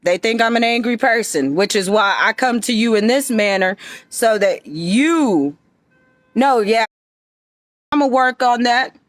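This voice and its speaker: A woman's voice: a little high, expressive, unhurried, no echo, studio quality. A woman giving an emphatic, confrontational monologue straight to her viewers. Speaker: vlogger addressing viewers. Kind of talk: direct-to-camera monologue.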